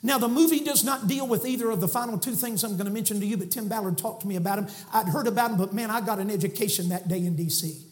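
A Southern preacher, a man, delivers a fiery sermon from the pulpit. His voice sits unusually high, and he swings from shouts down to near-hushed lines. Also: fast talker, hardly any pauses. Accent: Southern American. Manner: fiery, shouting preacher with sudden soft drops. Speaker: guest preacher. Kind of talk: impassioned sermon. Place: church sanctuary.

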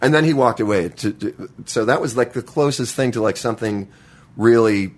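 A man telling a childhood story in a casual chat, halting and restarting often and swearing freely. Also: medium pitch. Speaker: guest.

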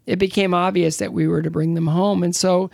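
A man in his sixties, an interview guest telling stories casually, halting with many fillers and restarts. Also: sits high, little pitch movement, gravelly, darkish tone, no echo, clean studio sound. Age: 60s. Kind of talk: casual conversational storytelling.

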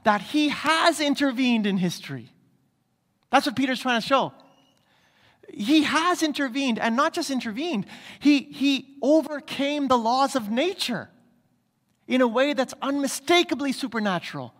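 A man's voice: extremely high pitch, animated, unhurried, fairly bright tone, big-room sound. A man preaching a sermon as pastor, emphatic, asking his congregation rhetorical questions again and again. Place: church.

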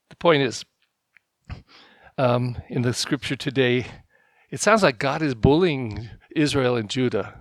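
A male pastor giving a conversational homily, telling stories and getting animated when he quotes people. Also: medium pitch, measured pace, no echo. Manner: storytelling, animated when quoting others.

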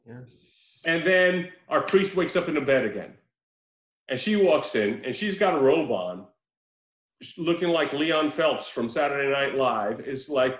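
A man hosting a casual podcast chat, telling a story in an animated way, laughing often and swearing freely. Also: medium pitch, measured pace. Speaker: podcast host reviewing a film. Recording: roomy echo.

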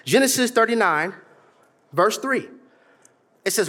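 High-pitched, lively preaching man. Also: a little slow. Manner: preaching with humor and sudden shouts, mimicking voices. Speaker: pastor. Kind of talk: sermon.

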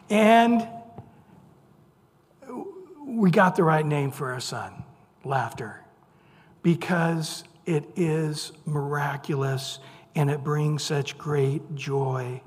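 High-voiced preacher in a reverberant hall. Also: male voice, a little mellow. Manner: conversational, playful retelling with voiced quotes. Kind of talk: sermon.

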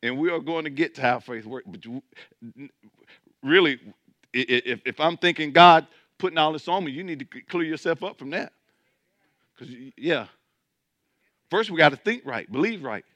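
A man's voice: a little high, lively intonation, normal speed, long pauses, a bit bright, no room sound. A man preaching as pastor, building intensity, with mocking asides about churchgoers. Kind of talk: sermon.

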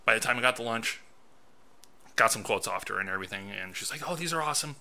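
A man's voice: on the low side, fairly even intonation, fast, creaky, sharp tone. A man co-hosting a podcast, telling a story in casual chat and acting out his own reactions. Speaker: podcast co-host and film critic.

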